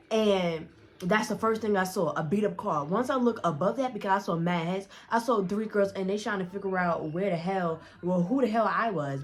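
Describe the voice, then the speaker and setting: A young woman with a lowish voice tells a casual storytime. She talks bluntly and swears freely. She stays animated and often restarts her sentences. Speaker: storyteller vlogger.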